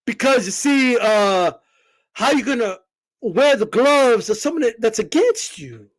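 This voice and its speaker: High-voiced man ranting with profanity. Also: animated, measured pace. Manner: profane, incredulous, bursts into shouts. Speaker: boxing commentator, channel host. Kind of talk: casual ranting commentary.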